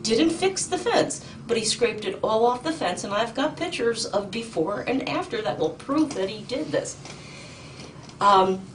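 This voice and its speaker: A middle-aged woman testifying in a courtroom, urgent and indignant, halting with ums and restarts. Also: fairly high pitch, lively intonation. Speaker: petitioner in court. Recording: distant mic with faint noise.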